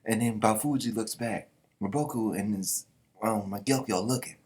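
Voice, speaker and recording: A man's voice: lowish voice, moderate pace, slightly rough. A man casually reading a manga chapter aloud and reacting, with a slangy manner and small character voices. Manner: slangy, reads the characters' lines out loud in voices.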